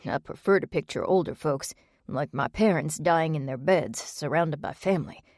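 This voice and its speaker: A woman reading the lines of an unsettled middle-aged man in a bible study group, speaking softly. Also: on the high side, moderate pace, creaky, dry recording, studio quality. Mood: shaken. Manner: soft, unsettled.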